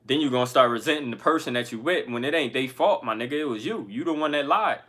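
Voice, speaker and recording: A musician who hosts his own channel talks straight to camera with casual motivation, using slangy, profane everyday speech. His medium-pitched voice is expressive and fast, with a fairly bright tone.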